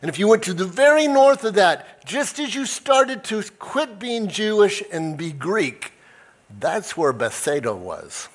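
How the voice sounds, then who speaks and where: A man's voice: sits high, very animated, a little slow. A male pastor preaching a conversational sermon, acting out quoted voices as he tells the story. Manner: self-described nerd, conversational.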